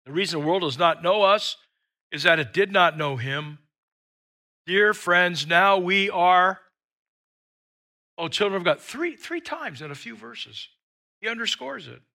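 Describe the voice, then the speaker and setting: An older man delivers a sermon in a high, bright voice at an unhurried pace. He tells stories with humor and swings from loud, shouted lines to soft, hushed ones. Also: expressive, creaky. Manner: dynamic preaching, shouting quoted lines then dropping to a hush; storytelling with humor. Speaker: pastor.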